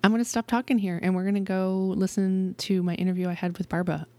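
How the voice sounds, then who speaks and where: A woman's voice: mid-range voice, little pitch movement, fast, dark tone, no room sound. A chatty woman in her thirties hosts her own podcast. She talks in a bubbly, rambling way, with lots of "um" and "like". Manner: chatty, bubbly, frequent laughs and fillers. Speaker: podcast host. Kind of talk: casual podcast intro and interview.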